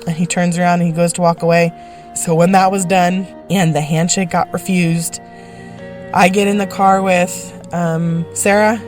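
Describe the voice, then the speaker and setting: A woman retelling a family moment in a lively, wry, animated way, acting out everyone's lines. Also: fairly low pitch, normal speed, soft background music. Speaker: sister of the storyteller. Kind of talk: personal storytelling.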